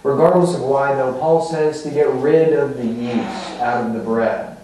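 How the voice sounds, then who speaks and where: A man's voice: medium pitch, a little slow, warm tone, a little hiss or hum. Man preaching in an echoey church. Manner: conversational teaching, with fillers and rhetorical asides. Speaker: pastor. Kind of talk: sermon. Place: church sanctuary. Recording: echoey hall from far off.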